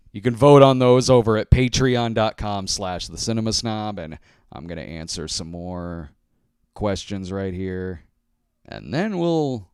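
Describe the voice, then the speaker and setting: A man hosting a loose, rambling livestream, joking at his own expense and tripping over restarts. His voice sits fairly low and comes through smooth and clear. It is picked up close on a handheld mic in a dry, dead-sounding space. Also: dry recording. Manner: rambling, self-deprecating, many fillers and restarts. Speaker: host. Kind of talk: casual livestream chat. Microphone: handheld microphone.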